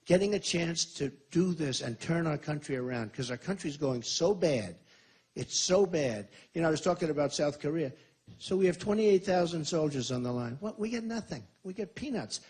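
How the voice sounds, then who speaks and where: A man's voice: fairly high pitch, lively intonation, moderate pace, darkish tone, breathy edge. A man in his sixties, a presidential candidate at a rally, answering questions in an emphatic, repetitive and boastful way. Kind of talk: campaign Q&A speech.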